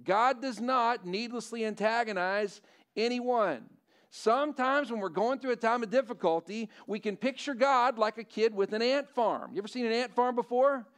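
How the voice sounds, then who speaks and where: A man's voice: extremely high pitch, a little fast, hardly any pauses. A middle-aged male pastor preaching a sermon in a conversational way, often asking the congregation questions.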